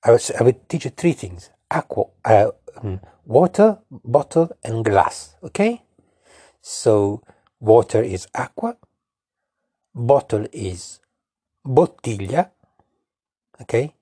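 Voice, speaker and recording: Italian-accented father, casual home lesson, slow and patient, husky warm tone. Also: medium pitch, expressive, dry recording, clean studio sound. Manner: patient, repeats words slowly and coaxes the listener. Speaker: father teaching his daughter.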